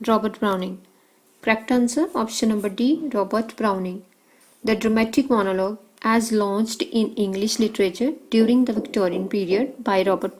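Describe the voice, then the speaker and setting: A woman teacher working through exam questions, reading out options and answers in short measured phrases. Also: mid-range voice, a little mellow, low-quality recording.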